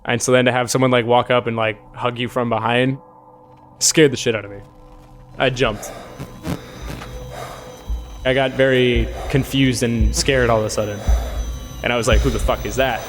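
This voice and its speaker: A man recounts a personal encounter in loose, rambling speech, tossing in fillers and curses as he goes. His voice sits at an ordinary middle pitch, and a clear music bed plays beneath him. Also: level tone, moderate pace, long pauses. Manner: rambling and shaken, full of "like" fillers and swearing. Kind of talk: casual spoken storytelling. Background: eerie music bed.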